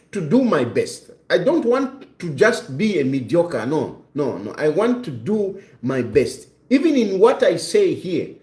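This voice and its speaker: In an echoey room, a man in his fifties hosts a live stream, speaking earnestly and reflectively and frequently repeating his phrases. His voice is a little high with a darkish tone.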